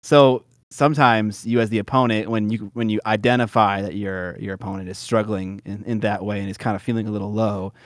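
A man's voice: fairly low pitch, fairly even intonation, a little fast, few pauses, no echo, clean studio sound. A man chatting casually about tabletop and miniature war games, laid-back and jokey. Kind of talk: casual conversation.

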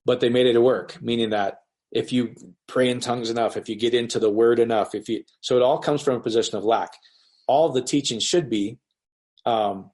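A man's voice: medium pitch, brisk. A man teaching the Bible in a casual online session, talking loosely and acting out the quoted voices of others as he reads. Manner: animated, acts out quoted voices. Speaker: pastor.

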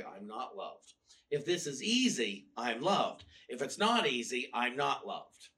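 A man's voice: medium pitch, very animated, measured pace, sharp tone, recorded from a distance. A male minister giving a casual, storytelling sermon with wry humor, often restarting his sentences. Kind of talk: conversational sermon. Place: church.

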